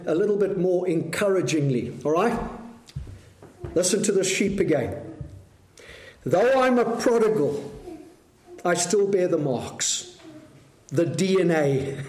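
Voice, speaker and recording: A man preaching a sermon, measured and full of rhetorical questions to the congregation. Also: high-pitched, darkish tone, roomy sound.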